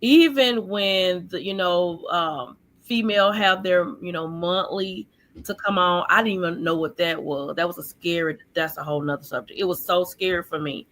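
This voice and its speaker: A woman guest recounting her childhood in an earnest, halting way, full of fillers, over a video call. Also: fairly low pitch, a bit bright. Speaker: guest sharing her life story. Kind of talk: personal testimony in an interview.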